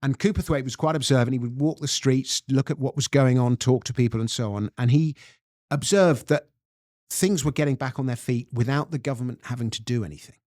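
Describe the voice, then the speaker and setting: A man's voice: medium pitch, a little fast, a little mellow, no echo, clean studio sound. A man with an English accent, a guest author explaining history in a podcast interview with storytelling emphasis. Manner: storytelling, reads quotes aloud with emphasis.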